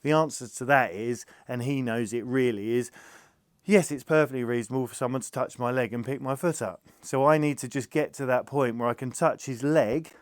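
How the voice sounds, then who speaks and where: A calm, gentle man explaining how he gets a nervous horse used to having its legs touched, talking patiently as he works. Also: medium pitch, fairly quick, no echo. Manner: calm, gentle, patient, soothing the animal softly. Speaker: farm animal carer. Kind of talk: explaining while handling a horse.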